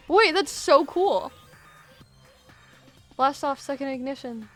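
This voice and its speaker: A young woman commenting excitedly on a game playthrough, pleading and laughing often, over faint game music. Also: sits high, slow, long pauses. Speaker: gaming streamer.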